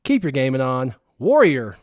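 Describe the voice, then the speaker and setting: A gaming channel host tells his viewers a story in a casual, excitable, animated way, leaning on words for effect. His voice is mid-range at a moderate pace, recorded at studio quality with no echo.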